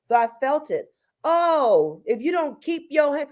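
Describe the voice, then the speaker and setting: A woman's voice: sits high, measured pace. A woman telling a story animatedly in casual talk-show chat, acting out what people said. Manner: animated storyteller, acts out quotes.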